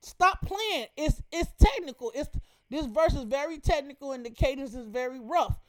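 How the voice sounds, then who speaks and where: A woman's voice: high-pitched, fairly quick, darkish tone. A woman hosting a radio show, breaking down a rap verse in emphatic, profane casual commentary full of rhetorical questions.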